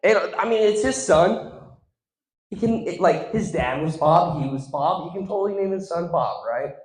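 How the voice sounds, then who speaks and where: A young man doing stand-up, telling an animated story and acting out the other people in it. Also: sits high, moderate pace. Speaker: stand-up comedian. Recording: echoey room.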